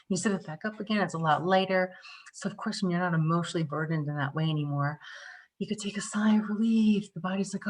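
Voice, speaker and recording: During a live virtual tapping workshop, the instructor, a woman from the US Northeast, chats energetically and acts out mini scenes to get her points across. She talks fast, with a voice on the lower side.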